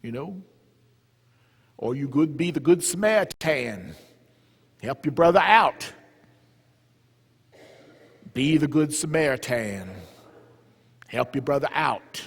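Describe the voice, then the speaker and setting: A man with a Southern US accent imitating a pompous old monsignor, preaching in a slow drawl. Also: a little high, animated, husky, heavily acted. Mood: droning. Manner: slow drawling sermon delivery. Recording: reverberant church hall.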